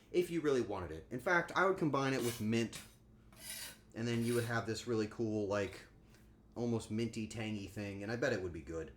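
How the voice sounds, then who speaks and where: Animated crude-joking male streamer. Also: medium pitch, slight background noise. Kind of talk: casual livestream chat while cooking. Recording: echoey room with faint ambience.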